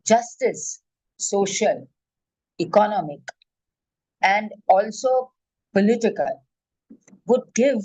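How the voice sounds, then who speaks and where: An older woman, a former judge giving an emphatic, measured lecture as a guest speaker. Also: medium pitch, mellow, husky, dry recording, rough recording. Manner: measured, emphatic, enumerating points.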